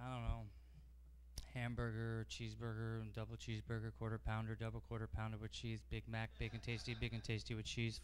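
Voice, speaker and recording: A male stand-up comic doing a set with a deadpan delivery. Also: mid-range voice, clear, resonant tone.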